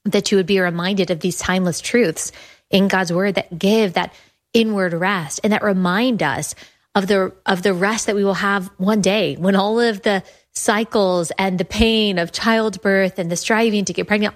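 A young adult woman hosting her show, talking earnestly and enthusiastically and often restarting her phrases. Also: mid-range voice. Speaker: podcast host presenting her app. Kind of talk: casual talk.

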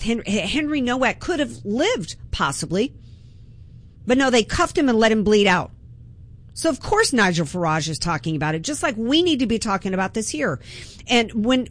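Impassioned woman hosting talk radio. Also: medium pitch. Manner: impassioned, emphatic, with frequent restarts. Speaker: radio talk show host. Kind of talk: political talk radio monologue.

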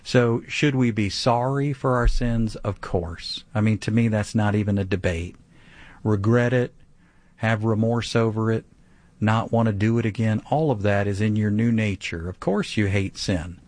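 A man's voice: fairly low pitch, normal speed, a little mellow, dry recording. A man teaching the Bible on a call-in show, earnest and emphatic, with conversational preaching that repeats key phrases for stress. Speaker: radio Bible teacher answering a caller.

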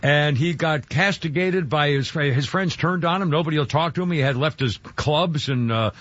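Husky, rambling male talk-radio host. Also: fairly high pitch, a bit bright, no room sound. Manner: rambling, halting, full of fillers. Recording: dull lo-fi radio sound.

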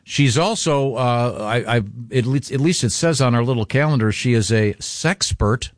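A man's voice: medium pitch, normal speed, no room sound, studio quality. A man co-hosting a radio talk show, hesitant, with many ums and uhs. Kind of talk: radio banter.

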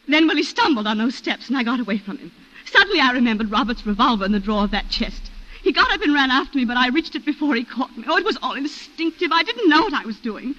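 An actress playing a refined colonial wife who tearfully recounts a shooting, in a 1940s radio drama style. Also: female voice, sits high, sharp tone, heavily acted. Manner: breathless, emotional, refined. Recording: muffled old radio recording.

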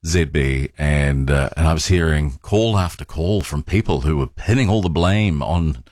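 A man's voice: extremely low pitch, moderate pace, darkish tone, no room sound, clean studio sound. A man hosting a talk radio show, chatting casually and often stumbling over and repeating his words.

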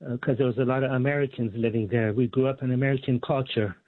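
A man's voice: mid-range voice, steady tone, no echo. Rambling male caller on a phone line. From San Francisco Bay Area. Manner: rambling, many uh and um pauses. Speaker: radio show caller. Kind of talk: phone call to a talk show.

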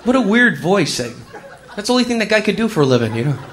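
High bright-voiced guy doing standup, all over the place, super lively. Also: quick pace. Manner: animated, rambling observational delivery. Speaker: stand-up comedian. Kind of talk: stand-up comedy.

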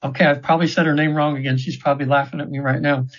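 Rapid-fire and flat in delivery, this slightly high-voiced man in his seventies guests in an interview as a trance session practitioner. He tells stories earnestly and casually, rambling with many restarts. The recording sounds dull and a bit lo-fi.

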